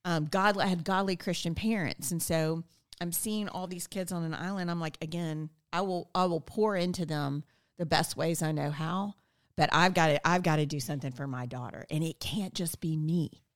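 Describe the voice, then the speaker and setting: Woman, middle-aged, podcast guest, animated storyteller, slightly low voice. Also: normal speed. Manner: animated, acts out quoted dialogue. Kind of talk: casual storytelling interview.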